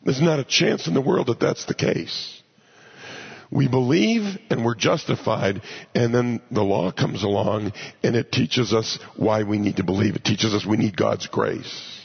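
A man with a deeply raspy, husky voice and a gravelly edge leads a Bible teaching. He talks it through conversationally and keeps asking his listeners questions. The sound is dull and lo-fi. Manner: conversational, asks rhetorical questions. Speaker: pastor. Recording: dull lo-fi recording.

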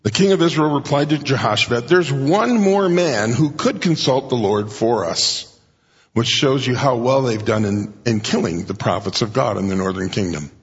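A man preaching a sermon in a conversational way, often clearing his throat and raising his pitch to act out quoted speakers. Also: lively intonation, normal speed. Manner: frequent throat clearing and restarts. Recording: dull recording in a reverberant hall.

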